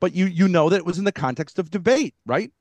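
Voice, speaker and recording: A man's voice: high-pitched, lively intonation, fast talker, darkish tone, no echo. A man arguing heatedly in an online debate, combative and given to mocking others in put-on voices, heard over a video call.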